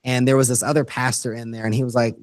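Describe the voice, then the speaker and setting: A man's voice: medium pitch, level tone, quick pace, no echo. A man who is a guest educator on a podcast interview, earnestly explaining his ideas step by step. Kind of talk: interview conversation.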